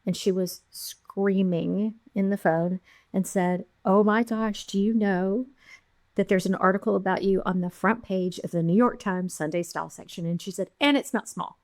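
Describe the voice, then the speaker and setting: A woman's voice: mid-range voice, normal speed, no echo. Middle-aged woman on a podcast, acts out every quote, dry close mic. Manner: animated storyteller, acting out quotes. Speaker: podcast guest, jewelry founder. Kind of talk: storytelling interview.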